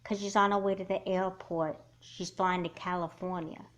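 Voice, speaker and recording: A woman's voice: fairly low pitch, level tone, dull audio, close to an everyday voice. A woman voicing a sulky teenage doll girl. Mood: wistful. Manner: upset, sighing, halting. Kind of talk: doll movie voice acting.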